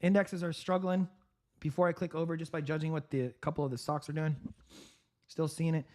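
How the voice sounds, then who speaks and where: Guy doing live market commentary on a stream, kinda high voice, keeps clearing his throat, sore throat. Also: flat delivery, brisk, a little mellow. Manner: upbeat, laughs often, clears throat. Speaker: trading livestream host.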